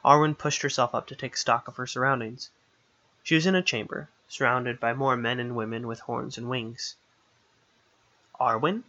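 Bright-voiced man narrating a story. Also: mid-range voice, fairly even intonation, moderate pace, muffled recording. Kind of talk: audiobook narration.

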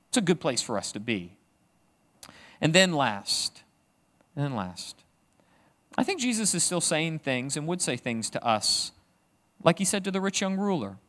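A middle-aged man preaches a sermon in a loose, conversational way. His voice sits a little high and rises and falls widely for emphasis. He drops in joking asides to the congregation. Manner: conversational, self-deprecating asides, animated emphasis. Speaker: pastor.

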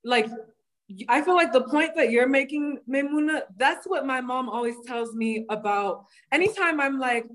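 An American woman with a high voice co-hosts a casual podcast. She speaks with passion and animation, her words rushing out with strong feeling. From United States. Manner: impassioned, animated. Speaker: co-host.

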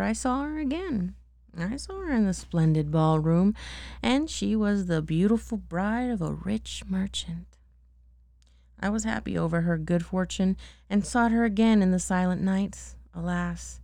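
A mother reading a bedtime story aloud to her child, gently and unhurried, with chatty asides. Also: medium pitch, vocal fry, no room sound, studio quality.

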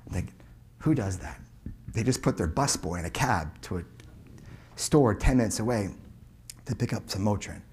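A man in his forties telling a customer service story as a keynote speaker, emphatic, swinging between loud punches and hushed asides. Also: lowish voice, animated, moderate pace, pauses often, slightly rough.

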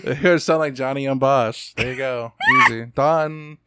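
A man hosting a casual gaming news chat, profane and quick to laugh, often trailing into mumbled asides. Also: medium pitch, heavy background noise. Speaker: podcast host.

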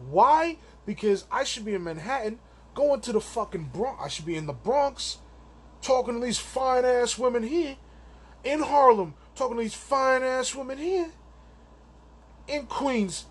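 A man's voice: extremely high pitch, breathy edge. A man hosting a solo podcast, venting in a crude, rambling, profane rant, an amateur stand-up comic. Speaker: podcast host.

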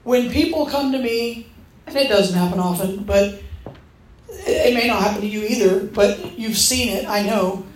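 A woman with a mid-range voice preaches a sermon at a moderate pace, telling stories in an animated way and acting out the voices of the people in them. She is in a church hall, and the recording is echoey with slight background noise.

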